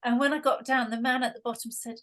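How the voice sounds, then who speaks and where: A middle-aged Scottish woman talks as a guest in a relaxed conversation. She has a fairly high voice and is a chatty storyteller who laughs easily. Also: fast. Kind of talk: casual conversation.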